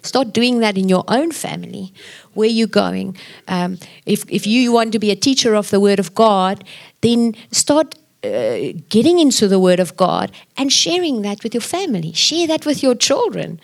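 A woman's voice: medium pitch, very animated, normal speed, vocal fry. A woman on a church conference panel, earnestly urging listeners and repeating phrases for emphasis.

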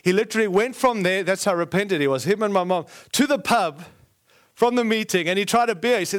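A man with a high voice delivers a sermon as a lively story. He acts out quoted lines and often breaks off to correct himself or add an aside. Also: a little fast. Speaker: preacher.

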